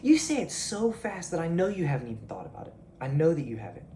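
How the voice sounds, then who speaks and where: A man's voice: on the high side, very animated, fast talker, dark tone, a little hiss or hum. A man delivering a blunt, profane motivational rant straight at his viewers. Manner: blunt, swearing, confrontational. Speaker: video creator. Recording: echoey room.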